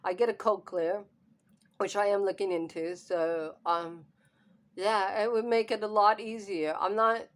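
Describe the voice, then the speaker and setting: A woman's voice: mid-range voice, fairly even intonation, unhurried. Hard-of-hearing woman vlogger, upset, near tears, nervous laughter, camera mic at home. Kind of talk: emotional personal vlog.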